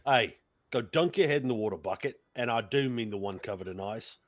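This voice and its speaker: A man voicing a short, broad, gruff male dwarf smith in a tabletop game, talking bluntly like a scolding father. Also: mid-range voice, fairly quick, a crowd in the background, lightly acted. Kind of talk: tabletop role-play.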